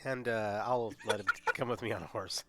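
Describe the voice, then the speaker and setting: A man's voice: fairly low pitch, steady tone, normal speed, loud music behind the voice. A man player in a tabletop game, joking and teasing. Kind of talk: casual chat in a tabletop game.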